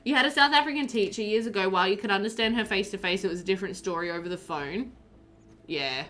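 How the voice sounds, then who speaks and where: A woman's voice: mid-range voice, fast, a bit bright. A woman chatting casually while streaming a game, reading chat aloud and laughing often.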